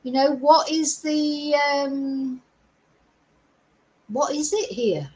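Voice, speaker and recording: A woman's voice: high voice, extremely slow, a little mellow, rough recording. A middle-aged woman hosting a true crime livestream, opinionated and asking her viewers many rhetorical questions. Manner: opinionated, asks the audience lots of rhetorical questions. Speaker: true crime channel host.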